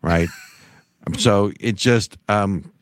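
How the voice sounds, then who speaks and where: Guy on a politics podcast, lowish voice, sarcastic and rambly, dry close mic. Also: very slow, no room sound. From United States. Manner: wry, sarcastic, rambling with restarts. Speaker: podcast co-host. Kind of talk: casual political chat.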